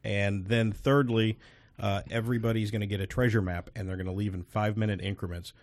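Man, low voice, deadpan co-host, absurd tangents, dry close mic. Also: brisk, no echo. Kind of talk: casual banter.

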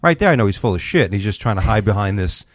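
A man's voice: fairly low pitch, very fast, dry recording. A man hosting a podcast in casual chat, rambling and profane as he tells stories. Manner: profane, rambling, animated storytelling. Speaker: podcast host.

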